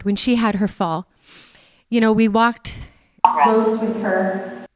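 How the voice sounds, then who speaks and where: A middle-aged Canadian woman with a mid-range voice gives a tearful, heartfelt memorial tribute to her mother in a church. Emotional, she speaks openly about her feelings. There's no room sound, yet a long reverb tail trails her words.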